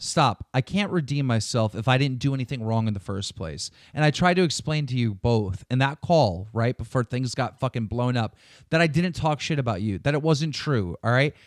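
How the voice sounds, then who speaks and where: A man's voice: medium pitch, expressive, normal speed, no echo, studio quality. A man arguing heatedly on a podcast, emphatic and swearing, repeating himself when he is pressed. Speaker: podcast host.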